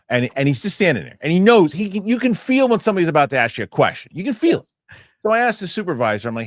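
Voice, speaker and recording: A man's voice: medium pitch, fast, no room sound, studio quality. A man co-hosting a casual film podcast, telling stories with lots of swearing. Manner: animated storyteller, swears freely. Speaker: podcast co-host.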